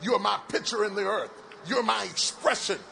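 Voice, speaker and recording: Speaking at a moderate pace in a high, creaky voice, a middle-aged man preaches at a large event through a stage microphone. His rhythmic sermon climbs to shouted, sing-song cadences and drops into playful folksy asides, with a little hiss or hum audible.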